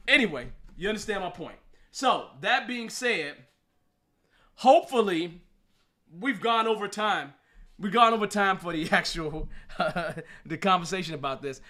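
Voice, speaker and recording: Bright-voiced man hosting a live stream. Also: high voice, normal speed. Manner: animated, rhetorical questions, laughs often. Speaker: show host and Scrum trainer. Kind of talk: live-stream talk show monologue.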